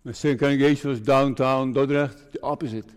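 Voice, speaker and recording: Older man, pastor, earnest sermon, mid-pitched voice, long church reverb. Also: fairly even intonation, brisk, clear, resonant tone. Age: 60s. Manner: earnest, repeats phrases for emphasis. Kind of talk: farewell sermon. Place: church sanctuary.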